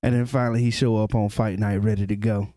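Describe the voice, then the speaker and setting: A man's voice: fairly low pitch, flat delivery, fast, warm tone, no echo, studio quality. A man co-hosting a podcast, joking around and stumbling through hard names on purpose. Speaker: podcast co-host. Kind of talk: casual chat.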